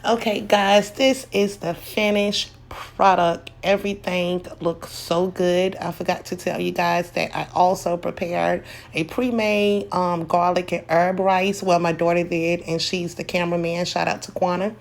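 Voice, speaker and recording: A woman's voice: lowish voice, flat delivery, measured pace, vocal fry, few pauses. A middle-aged woman, chatting casually through a home cooking demonstration and talking straight to her viewers. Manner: chatty, folksy, addresses viewers as y'all.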